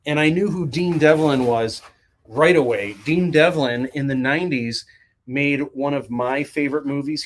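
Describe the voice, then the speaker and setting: Chatty man hosting a livestream. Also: medium pitch. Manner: reads viewer comments aloud and answers chattily. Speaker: livestream host. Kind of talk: casual livestream chat.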